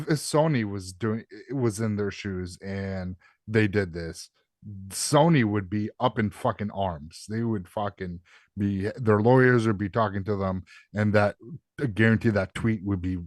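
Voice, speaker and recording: Low-voiced, halting man ranting on a podcast. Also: a little mellow, no echo, studio quality. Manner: halting, restarts, swears for emphasis. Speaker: podcast co-host. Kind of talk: casual podcast chat.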